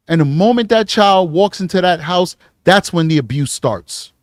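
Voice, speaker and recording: Guy with a high voice ranting on his true crime show, very emphatic and preachy, says things twice for effect, super dry close sound. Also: animated, normal speed, hardly any pauses, dry recording. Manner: preachy, emphatic, repeats words. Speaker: true crime commentator host. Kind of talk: impassioned commentary.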